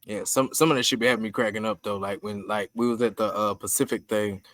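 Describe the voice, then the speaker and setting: Talking quickly in a voice on the low side, a man co-hosting a podcast spins stories in casual conversation. He swears a lot and laughs often, keeping things animated and profane.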